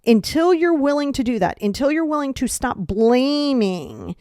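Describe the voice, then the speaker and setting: A young adult woman hosting a podcast, giving blunt, animated self-help advice in a casual way with mild swearing. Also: high voice, normal speed, dry recording, studio quality. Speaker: podcast host. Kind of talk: casual motivational talk.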